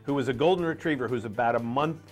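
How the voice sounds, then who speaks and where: A man's voice: medium pitch, quick pace, soft background music. Chatty, rambling male morning show host. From Rhode Island. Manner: rambling, chatty, with many fillers. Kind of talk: casual live morning show chat.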